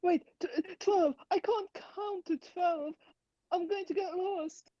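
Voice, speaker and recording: Woman voicing a male ex-pit-fighter, high voice, eager and brash, dry slightly dull recording. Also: fairly even intonation, slow, warm tone, no echo. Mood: boisterous. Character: gruff male former pit-fighter prisoner, fight-hungry.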